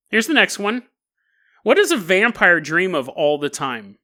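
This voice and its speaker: Animated, bright-voiced podcast host. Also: male voice, sits high, a little slow. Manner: animated, wry, laughs often mid-sentence. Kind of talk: casual comedic podcast monologue.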